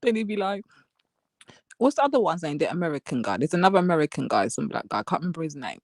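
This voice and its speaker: A woman's voice: low-pitched, sing-song, fast talker, dry recording, clean studio sound. A young woman hosting a live stream, gossiping with lots of swearing and frequent laughter, and mimicking the people she talks about. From England. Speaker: livestream host. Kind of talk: casual live-stream commentary.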